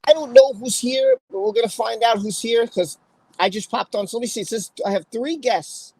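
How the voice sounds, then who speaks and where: A man's voice: very high-pitched, darkish tone, poor audio. A man hosting a live stream in casual chat, greeting viewers one by one. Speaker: livestream host.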